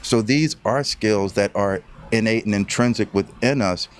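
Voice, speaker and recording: A man's voice: lowish voice, measured pace, a little hiss or hum. A man hosting a casual talk, speaking in an expansive, folksy way and repeating phrases for emphasis. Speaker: host. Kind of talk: casual conversation.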